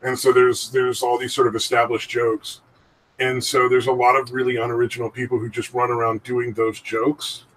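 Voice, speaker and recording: A man with a husky, slightly breathy voice talks in a loose, rambling way. He is co-hosting a casual podcast, swears constantly and breaks into laughter often. His pitch sits in an ordinary middle range. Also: monotone, normal speed, a bit bright, recorded from a distance, poor audio. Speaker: podcast co-host. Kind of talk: casual chat.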